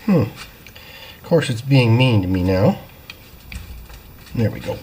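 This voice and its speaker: A man's voice: on the low side, big pitch swings, slow, darkish tone, slight background noise. A man who runs a repair shop, casually talking through his work step by step, with self-deprecating and apologetic asides. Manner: chatty, explains each step as he works. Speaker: small-engine repair shop owner. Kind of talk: casual hands-on repair walkthrough. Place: repair workshop.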